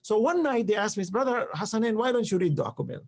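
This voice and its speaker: A middle-aged man telling a story in a live discussion, acting out the dialogue with lively energy. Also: high-pitched, racing, vocal fry. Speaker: guest speaker.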